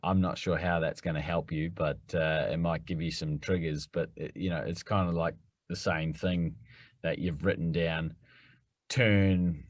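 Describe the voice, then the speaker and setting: A man's voice: low voice, no room sound, studio quality. A man, the rules expert on a podcast, explaining things in a matter-of-fact way. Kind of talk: casual explanation.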